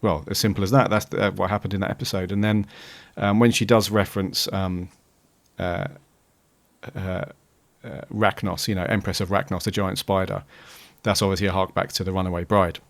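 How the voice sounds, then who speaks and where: Deep-voiced man, dry close podcast sound. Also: flat delivery, a little fast, dry recording. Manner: hesitant, many "um"s while thinking aloud. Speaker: podcast co-host. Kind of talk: casual chat reviewing an episode.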